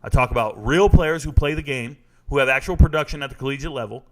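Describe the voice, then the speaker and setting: A man's voice: medium pitch, fast talker. A man in his forties hosting a casual live sports talk show, reading viewer comments and telling stories in a blunt, joking, slangy manner.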